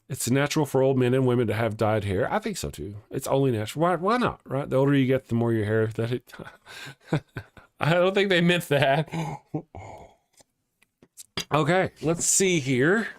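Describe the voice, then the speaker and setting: A middle-aged man hosting a casual livestream morning show, chatting, joking and greeting viewers, laughing often and restarting his words. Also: mid-range voice. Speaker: host of a live morning show. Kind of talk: casual livestream chat reading viewer comments.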